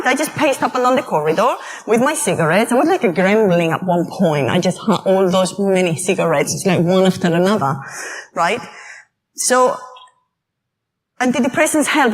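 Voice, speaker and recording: A woman giving a conference talk on mental health, telling personal stories in an animated way and acting out quoted voices. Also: mid-range voice, poor audio. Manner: lively, animated storytelling with acted-out quotes. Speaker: conference speaker. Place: conference hall.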